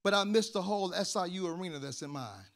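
A man pastor preaching with animated storytelling, repeating words in bursts and building to loud shouts. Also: high-pitched, quick pace, vocal fry. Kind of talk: sermon.

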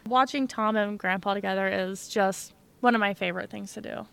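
Smooth-voiced young woman telling stories. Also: medium pitch, a little fast, a bit bright, no echo. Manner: chatty, sarcastic storytelling. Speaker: podcast co-host. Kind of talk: casual chat.

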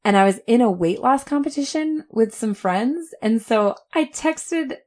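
A woman's voice: fairly high pitch, lively intonation, measured pace, darkish tone. A woman in her thirties co-hosting a podcast, telling a story with lots of laughter and quoted asides. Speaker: podcast co-host. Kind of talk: casual chat.

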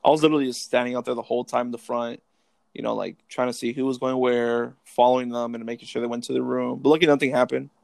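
A man's voice: mid-range voice, level tone, quick pace, vocal fry, a little mellow, dry recording, studio quality. A young man telling stories in laid-back casual chat, cursing freely. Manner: laid-back, profane storytelling. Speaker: soldier.

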